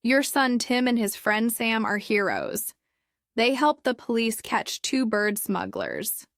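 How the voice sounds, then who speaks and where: A woman's voice: a little high, very animated, slow pace, fairly bright tone, no echo, clean studio sound, exaggerated voice. A woman reading as a polite village constable. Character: friendly male village police constable.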